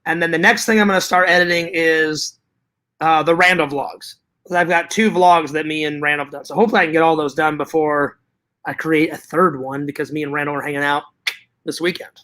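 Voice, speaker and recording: A man's voice: fairly high pitch, fairly even intonation, a little fast, bright, forceful tone. A man vlogging to his viewers in casual chat, hyper and rambling, with joking profanity.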